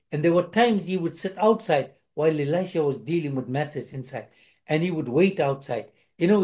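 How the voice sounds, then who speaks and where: A man preaching a sermon, his pitch rising and falling widely as he retells a scripture story. His voice is on the high side for a man yet mellow and dark in tone. He restarts phrases often and acts out the quoted lines himself.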